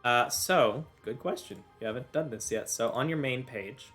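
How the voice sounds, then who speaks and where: A man's voice: medium pitch, normal speed, fairly bright tone, faint music behind. A man serving as game master, narrating combat and patiently explaining rules between filler uhs. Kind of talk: narrating and refereeing a tabletop game.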